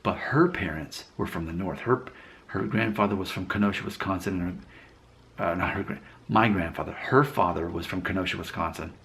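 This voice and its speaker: A man's voice: low voice, a little fast, vocal fry, a bit bright, a little hiss or hum. A man in his thirties from Alabama, talking to camera in a reflective, rambling way, often correcting himself as he tells a personal story. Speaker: vlogger. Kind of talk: casual storytelling vlog.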